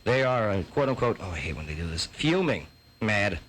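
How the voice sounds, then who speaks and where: Guy hosting a talk show, jokey and loud, lots of uhs. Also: on the low side, very animated, a little fast, slight background noise, low-quality recording. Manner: joking, loud reactions, many fillers. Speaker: host. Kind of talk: casual chat, reacting to clips.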